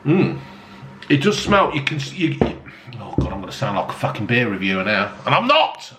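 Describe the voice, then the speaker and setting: A man's voice: medium pitch, very animated, moderate pace, background noise. A man swearing freely and mocking himself as he reviews a beer to camera. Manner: blunt, heavy swearing, jokey self-mocking asides. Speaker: beer-tasting vlogger. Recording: echoey room with faint ambience.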